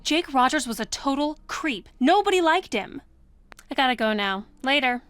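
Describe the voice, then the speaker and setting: A woman's voice: high-pitched, expressive, moderate pace, fairly bright tone. A bossy gossipy teen girl. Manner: gossipy, breezy. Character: chatty bossy teenage girl school monitor. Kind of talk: video game voice acting.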